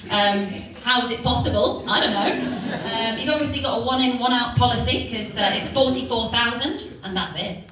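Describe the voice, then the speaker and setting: Deadpan woman doing stand-up. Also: fairly high pitch, a little fast, a crowd in the background. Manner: deadpan, rambling with many ums. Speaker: stand-up comedian. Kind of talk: stand-up set. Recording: echoey room, far mic, noisy.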